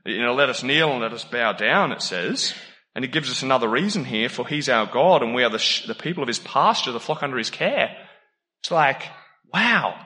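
A man preaching a sermon in a lively, conversational way, laughing often and jumping into sudden emphatic bursts. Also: medium pitch, a little fast. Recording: long hall reverb.

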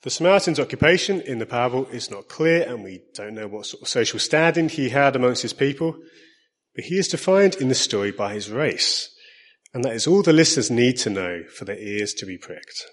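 A man with an Essex accent giving a sermon, measured and earnest, slowing down to stress key lines. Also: mid-range voice. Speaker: preacher.

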